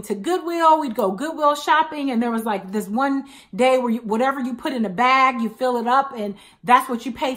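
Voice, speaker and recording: A woman's voice: fairly high pitch, fairly bright tone. A woman in her thirties chatting to camera as a couponing vlogger, telling stories with emphatic asides. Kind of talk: casual chat to camera.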